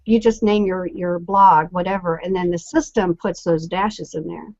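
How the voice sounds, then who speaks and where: A woman's voice: lowish voice, steady tone, moderate pace, a little mellow, dry recording. Chatty woman explaining stuff on a web show, dry close sound, kinda lo-fi. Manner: chatty, explains with examples, many fillers. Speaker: co-host. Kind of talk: casual online show discussion. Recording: dry, lo-fi call audio.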